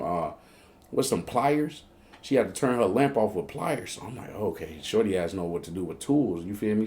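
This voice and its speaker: A Chicago-accented man spins a casual, profane story from his own life in a slightly low voice. He plays both parts of every exchange in heavy slang and jumps into high-pitched yelps whenever the story turns scary. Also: a little mellow. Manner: slangy and profane, acting out both sides of the dialogue; breaks into high, squeaky outbursts when telling panicked moments. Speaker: storyteller host.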